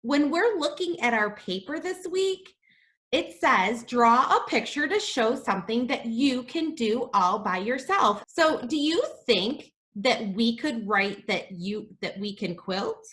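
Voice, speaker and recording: A high, bright woman's voice leading a reading lesson for young children. She is animated, gasps in delight and sounds out letters slowly. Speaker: kindergarten teacher.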